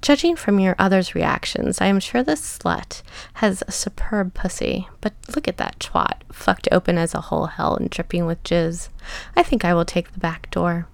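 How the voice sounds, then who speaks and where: A woman voicing a cruel, sadistic man who speaks in a low, hushed, often whispered taunting tone. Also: moderate pace, creaky, no echo. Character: cruel, sadistic adult man, a paying client.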